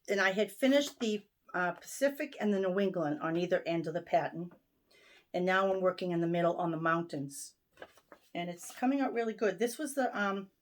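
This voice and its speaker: A woman with a Boston accent chatting casually in her home sewing room, showing her needlework projects with lots of ums and restarts. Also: fairly low pitch. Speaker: stitching vlogger. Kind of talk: casual show-and-tell chat.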